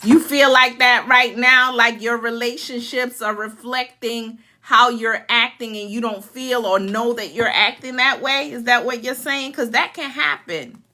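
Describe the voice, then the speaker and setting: A woman's voice: a little high, fairly even intonation, unhurried, few pauses, bright, forceful tone. A woman in her forties, a life coach, talking earnestly and emotionally to viewers and vividly acting out past scenes. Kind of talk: casual heartfelt talk to viewers.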